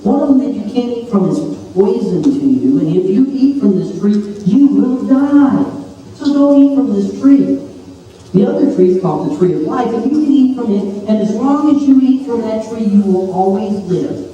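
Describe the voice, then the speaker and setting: A man, preaching an animated, jokey story sermon to kids at camp. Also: sits high, fairly quick, muffled recording. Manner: animated, playful, jokey asides. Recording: echoey hall from far off.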